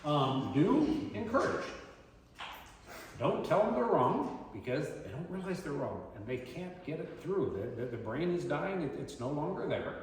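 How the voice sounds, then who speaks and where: A man giving a community talk on dementia care, animated and acting out quoted voices. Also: fairly high pitch, measured pace, a little hiss or hum. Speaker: presenter. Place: community meeting room. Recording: echoey hall from far off.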